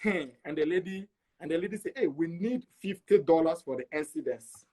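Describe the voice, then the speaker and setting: A middle-aged man from Togo, an interview guest, telling his travel story in an animated way and acting out the dialogue. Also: fairly high pitch, brisk. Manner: animated, acts out dialogue with repeats.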